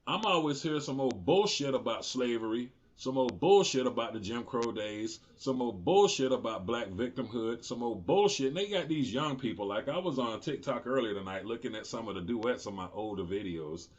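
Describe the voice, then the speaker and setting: A man in his forties rants through his own political commentary show, profane and indignant, his voice climbing as he gets worked up. His voice sits in a middle pitch. The recording sounds dull and lo-fi. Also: animated, moderate pace, hardly any pauses. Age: 40s. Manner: heated, profane, rising into shouts of indignation.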